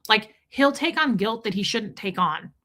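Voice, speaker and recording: Middle-aged woman, livestream host, bright tone, chatty and heartfelt, breaks off to greet viewers. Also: medium pitch, lively intonation, normal speed. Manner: chatty and emotional, greets viewers by name mid-story. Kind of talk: casual livestream chat.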